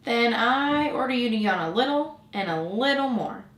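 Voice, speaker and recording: A woman's voice: a little high, expressive, moderate pace, fairly bright tone, pitched above the performer's own voice. Woman doing a pompous old king, commanding, majestic, kindly, storybook. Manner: grand, decreeing, majestic. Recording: roomy echo.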